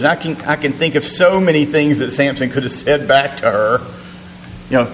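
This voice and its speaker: A man delivering a sermon, reading scripture and then unpacking it in a loose, conversational way full of fillers and restarts. His voice is mid-pitched and carries a long reverb, as though he stands in a large hall. A faint hum sits underneath. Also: moderate pace, a bit bright. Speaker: preacher.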